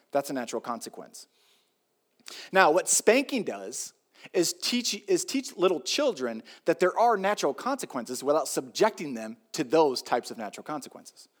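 A man's voice: on the high side, very animated, normal speed. A middle-aged male pastor preaching a sermon in a conversational, joking way, repeating key points for emphasis.

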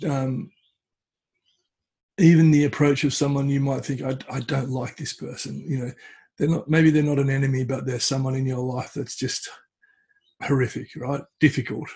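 At home with a cat, a podcast guest retells an old story in an easy, unhurried, conversational way, acting out quotes. His husky, slightly breathy voice is mid-pitched, level and a little mellow. He sounds hesitant, often circling back and restarting his phrases.

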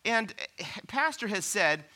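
A high, bright male voice delivering a lively sermon. He swings his pitch up and down and keeps pressing the congregation with rhetorical questions in a casual, conversational way. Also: unhurried. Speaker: pastor.

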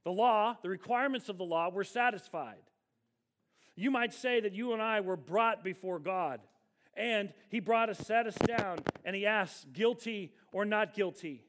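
A man preaching a sermon as pastor, emphatic, slowing down to stress key words. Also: high-pitched, a bit bright.

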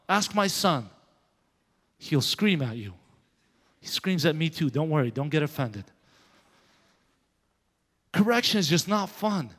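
A man pastor giving a sermon with a personal story, animated and growing loud as he tells of his anger. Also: high voice. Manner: animated, grows loud when telling of anger. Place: church sanctuary. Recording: long hall reverb.

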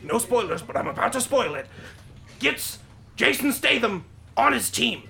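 A man co-hosting an improvised comedy podcast, excitable and prone to bursts of shouting. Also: very high-pitched, normal speed, vocal fry, faint music behind.

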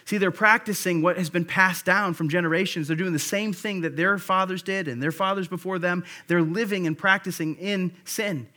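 A man preaching in a fairly high, conversational voice. He retells scripture in everyday words and works through his points with stops and restarts before pressing them home with emphasis. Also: fairly even intonation, moderate pace, few pauses, sharp tone. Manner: frequent restarts and fillers, then builds to emphatic points. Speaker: pastor. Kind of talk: sermon.

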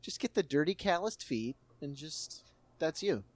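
A man in a casual comedy chat, cutting in with wry, quick quips. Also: on the high side, lively intonation, no room sound.

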